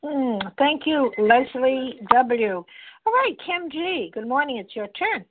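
A woman's voice: high-pitched, animated, takes it slowly, no room sound. A woman hosting a meeting, chatty as she introduces the next speakers. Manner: chatty, friendly announcing. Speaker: meeting host. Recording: tinny dry phone line.

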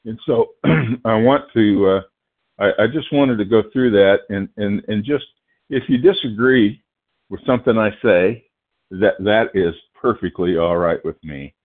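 A man from Oklahoma, a guest speaker at a phone-line recovery meeting, nervous and halting, with many fillers, restarts and throat-clearing. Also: lowish voice.

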